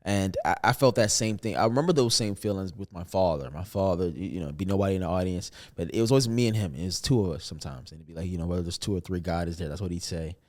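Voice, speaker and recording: Fast-talking young man, low voice. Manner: storytelling, laughs often, playful. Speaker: comedian guest. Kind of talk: casual podcast interview.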